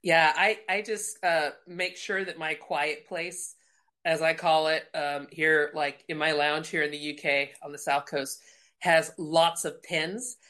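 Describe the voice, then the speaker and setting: A woman telling a lively faith testimony, laughing and acting out the voices in her story. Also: low voice, a little slow. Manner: animated, laughing, acts out dialogue. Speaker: guest speaker. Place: lounge at home.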